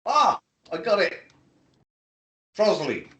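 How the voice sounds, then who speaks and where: A man's voice: high-pitched, big pitch swings, takes it slowly, bright, forceful tone. A man chatting on a live stream, making dry joking asides. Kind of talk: casual live-stream chat. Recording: roomy, echoey room sound.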